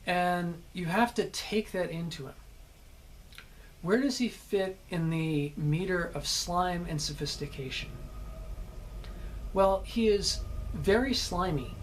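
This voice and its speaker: A man's voice: fairly high pitch, slight background noise. American man giving a casual acting lesson. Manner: conversational, explanatory, checks in with "okay?". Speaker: actor teaching character work.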